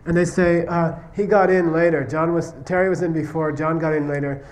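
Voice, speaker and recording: Male Buddhist teacher, slightly high voice, chatty lecture, constant "okay?" check-ins. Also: steady tone, moderate pace, few pauses. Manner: repeatedly checks understanding with "okay?" and "you see what I mean?"; tells stories, acting out question-and-answer exchanges. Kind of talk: conversational classroom lecture.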